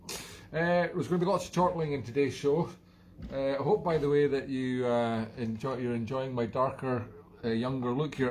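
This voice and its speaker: On his live stream, a Scottish host rambles through casual chat, mocking himself and frequently chuckling. He speaks a little fast in a mid-range, slightly mellow voice with fairly even intonation.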